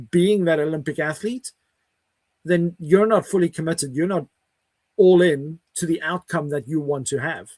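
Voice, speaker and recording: A man's voice: a little high, dry recording. Earnest reflective male host, dry sound. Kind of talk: casual panel chat.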